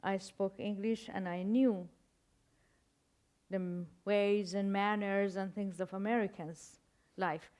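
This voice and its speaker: An older woman with a Persian accent, a native Persian speaker, telling stories as a guest author in a reflective interview, halting and searching for words with wry humor. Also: medium pitch, steady tone, a little mellow, smooth. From Iran.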